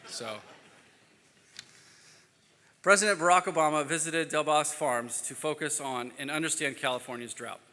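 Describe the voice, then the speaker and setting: A man's voice: a little high, moderate pace, pauses often, pushed and bright. A man moderating a conference panel, reading speaker bios aloud with small slips and self-deprecating asides. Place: conference stage in a large hall. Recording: long hall reverb.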